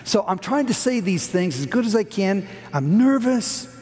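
A middle-aged man preaching a sermon, telling a story earnestly, rising high and dropping to a hush. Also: lively intonation, normal speed. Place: church hall. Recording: long hall reverb.

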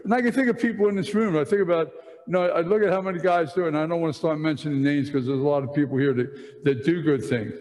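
A man's voice: fairly high pitch, quick pace. Man preaching in a reverberant hall. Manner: animated storytelling with many restarts. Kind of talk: sermon. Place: large room with audience.

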